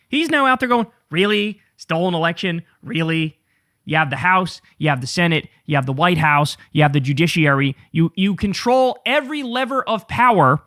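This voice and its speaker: A man's voice: sits high, fairly bright tone, no room sound, studio quality. A man hosting a political talk show, ranting with sarcastic, profane emphasis.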